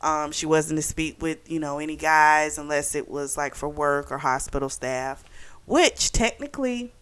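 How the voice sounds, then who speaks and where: A woman's voice: low-pitched, moderate pace, fairly bright tone, smooth. A young woman recapping a novel for her book club channel, talking casually with lots of "like" and "you know". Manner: chatty, full of "like" and "you know".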